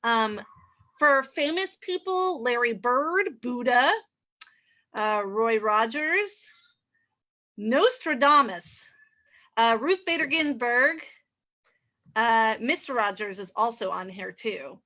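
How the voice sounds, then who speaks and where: A woman's voice: on the high side, expressive, slow, pauses often, sharp tone, dull audio. A woman hosting an improv game over a video call, chatty and giggly.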